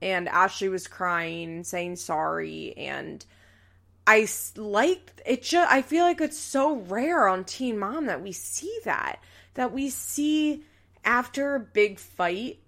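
A woman's voice: mid-range voice, animated, takes it slowly, gravelly, a bit bright. A young woman hosting a show who recaps a reality series in casual, chatty talk, full of "like" fillers. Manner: chatty, frequent "like" fillers, quotes people in passing. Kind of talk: casual chat.

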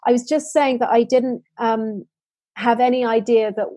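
A woman's voice: on the high side, fairly even intonation, normal speed, warm tone, no room sound, poor audio. A woman from the UK, telling heartfelt stories earnestly as an interview guest. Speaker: social entrepreneur guest. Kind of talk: interview storytelling.

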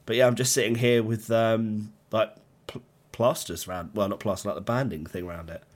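A man's voice: lowish voice, steady tone, brisk. A young man co-hosting a podcast over a video call, telling stories in a self-mocking way and laughing often. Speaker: podcast co-host. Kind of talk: casual chat.

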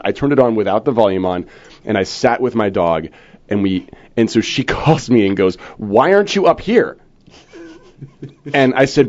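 Lively, teasing man in casual chat. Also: mid-range voice, muffled recording. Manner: teasing, laughs often. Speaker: podcast co-host.

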